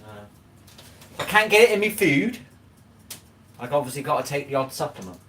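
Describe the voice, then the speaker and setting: Heavy background noise surrounds a slightly high male voice that swings widely in pitch at a normal speed. He hosts a live stream from his home kitchen, cooking and tidying as he rambles from subject to subject, chatting directly with viewers and swearing bluntly now and then.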